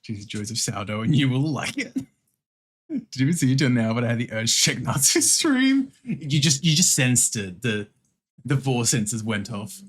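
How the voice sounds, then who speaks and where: A man's voice: medium pitch, big pitch swings, normal speed, breathy edge. A man with an Australian accent, chatting casually on a livestream, swearing freely and laughing often as he talks. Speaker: streamer.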